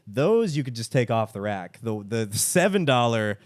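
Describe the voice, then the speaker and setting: A man's voice: medium pitch, sing-song, normal speed, no room sound. A man, co-hosting a comedy podcast and telling a rambling story, acting out the people he overheard. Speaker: podcast co-host.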